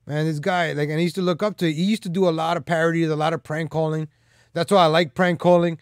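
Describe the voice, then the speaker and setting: Rambling, slightly high-voiced male streamer. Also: level tone, quick pace, no echo, clean studio sound. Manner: loose, with frequent "like" and "man" fillers; teasing and boastful. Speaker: live stream host. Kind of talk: casual rambling commentary.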